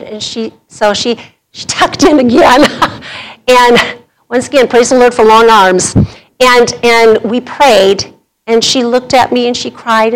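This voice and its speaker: A woman's voice: on the high side, low-quality recording. A middle-aged woman, speaking to a women's group in a sermon and telling a personal story conversationally, laughing through the anecdotes.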